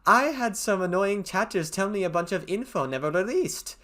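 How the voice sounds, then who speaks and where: A man's voice: high-pitched, expressive, moderate pace, bright, forceful tone, pitched above the performer's own voice. A man putting on a breezy female streamer with a mock German accent. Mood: reassuring.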